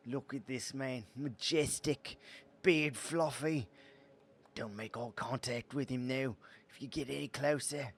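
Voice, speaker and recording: Man doing a raspy wildlife documentary narrator. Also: mid-range voice, fairly even intonation. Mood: hushed awe. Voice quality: raspy, like a longtime smoker. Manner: slow, awed commentary on a wild creature.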